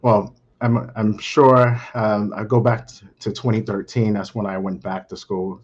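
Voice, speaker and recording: A middle-aged man from Brooklyn, under the weather, speaking on a panel in a halting way full of fillers. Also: on the low side, a little mellow, slightly rough, highs cut off. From Brooklyn, New York. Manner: halting, many fillers and restarts. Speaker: panel guest, account manager. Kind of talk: casual panel talk.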